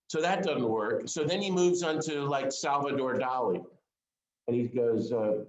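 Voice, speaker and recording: A man preaches in an easy, conversational way, leaning on earnest questions put straight to his listeners. His voice sits at a middle pitch for a man. The sound carries a noticeable room echo. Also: moderate pace. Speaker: speaker of a Lenten series. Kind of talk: informal sermon to a small group.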